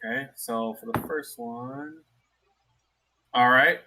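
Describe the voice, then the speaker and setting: Man running a tabletop game, unhurried, bright voice, halting with fillers. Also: mid-range voice. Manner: loose, halting narration with many fillers. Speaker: dungeon master.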